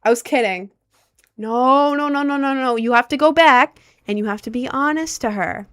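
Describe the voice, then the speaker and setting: Young female streamer, fairly high voice, close dry sound; rambling, frank, full of "like"s. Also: normal speed, clean tone, no echo. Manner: chatty and rambling, heavy on filler words; frank, animated advice-giving. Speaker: livestreamer. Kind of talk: casual livestream chat.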